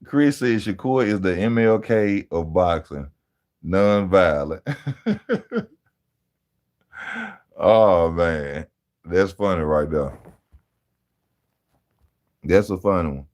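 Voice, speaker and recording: A man talking casually on a live stream, animated and slangy, laughing often as he answers chat about boxing. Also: deep voice, takes it slowly, long pauses. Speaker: boxing channel host reading live chat.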